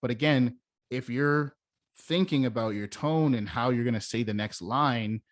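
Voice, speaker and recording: A man's voice: mid-range voice, normal speed, dry recording, clean studio sound. A young man teaching as a sales coach in a casual, emphatic way, demonstrating how stressing different words changes meaning. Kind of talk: casual instructional talk.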